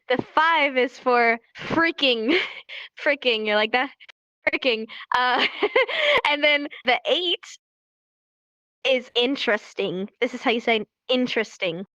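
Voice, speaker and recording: A woman's voice: a little high, expressive, takes it slowly, pauses often, sharp tone, dry recording, highs cut off. A young woman from California teaching sign language on a casual livestream, chatty and laughing often as she acts out examples.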